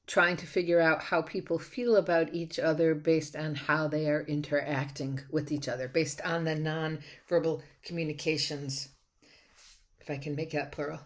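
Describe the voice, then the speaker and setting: A woman college instructor giving a recorded lecture on slides, talking conversationally with frequent restarts and fillers. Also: low-pitched.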